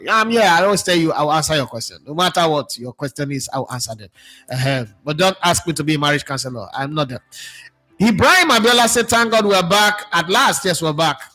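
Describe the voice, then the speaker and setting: A man's voice: a little high, expressive, fairly quick, pushed and bright, faint music behind. A man hosting a casual live football talk show, reading viewer comments with sarcastic, chatty asides and many fillers. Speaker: sports talk host.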